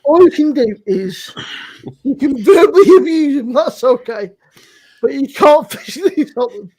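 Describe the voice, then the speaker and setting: A woman's voice: high-pitched, lively intonation, normal speed, darkish tone. A woman telling a blunt, swear-filled story in casual chat, laughing often. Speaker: guest on a beer live stream. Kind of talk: casual chat on a live stream.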